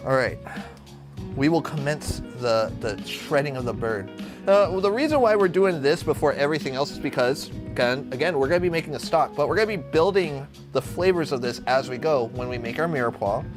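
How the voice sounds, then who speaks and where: A man's voice: on the high side, expressive, fairly quick. Brash, profane young man streaming a cooking session. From Arizona. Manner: brash, profane, jumps between topics. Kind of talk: casual live-stream cooking chat. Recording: music playing under the voice. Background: guitar music.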